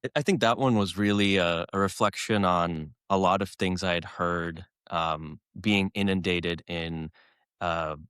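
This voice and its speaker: Low, smooth-voiced male guest. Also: unhurried, no room sound, clean studio sound. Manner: laughs often, animated storyteller. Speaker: guest writer. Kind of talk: casual conversational interview.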